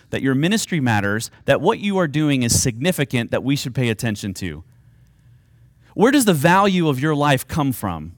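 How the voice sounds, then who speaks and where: A man preaching a sermon, earnest and emphatic, with dramatic pauses on key phrases. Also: mid-range voice, big pitch swings, dry recording, studio quality. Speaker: pastor.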